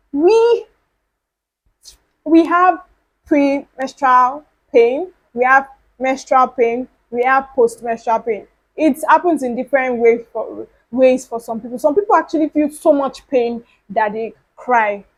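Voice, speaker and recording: A woman's voice: sits high, poor audio. A woman hosting her own podcast, talking casually and earnestly and repeating her points for emphasis. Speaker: podcast host. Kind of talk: casual solo podcast talk.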